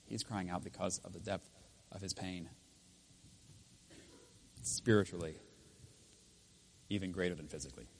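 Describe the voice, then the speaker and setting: A man preaching a sermon as pastor in a church, swinging between loud emphatic lines and quiet intense ones. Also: sits low, normal speed, gravelly, pauses often, a little hiss or hum. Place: church with speakers.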